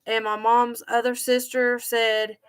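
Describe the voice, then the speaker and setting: A grieving woman tells a personal story straight to her viewers, with a slightly high voice. She talks in a halting, heartfelt way, and her voice sinks quietly when the pain shows. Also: flat delivery, clean tone. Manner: halting and heartfelt, voice dropping low when sad. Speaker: vlogger.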